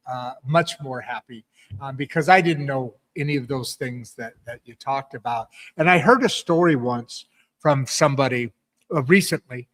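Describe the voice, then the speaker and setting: A man's voice: medium pitch, fairly bright tone. A man hosting a podcast, chatting casually in an upbeat, rambling way with plenty of ums and restarts. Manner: rambling, upbeat, lots of fillers. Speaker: podcast host. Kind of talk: casual chat.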